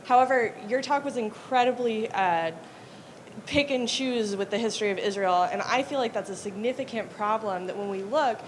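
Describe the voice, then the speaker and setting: A young woman asks an earnest question from the audience. She hesitates and fills pauses as she talks. There is faint noise behind her. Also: a little high. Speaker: audience member asking a question.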